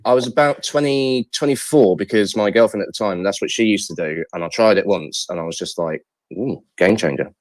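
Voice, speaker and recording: A man's voice: fairly low pitch, a little fast, few pauses, no room sound. A man, chatting casually on a podcast. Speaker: podcast guest. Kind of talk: casual chat.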